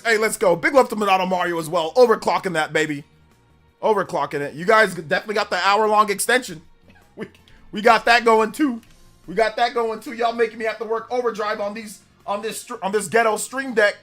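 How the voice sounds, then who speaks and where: Laid-back male streamer, high voice, faint music behind, casual slangy chat. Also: fairly bright tone. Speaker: livestream host.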